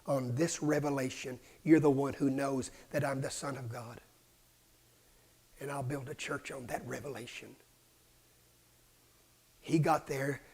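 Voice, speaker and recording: A man preaching a sermon, dropping to hushed whispers and rising to loud, fervent cries. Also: medium pitch, fairly even intonation, unhurried, pauses often.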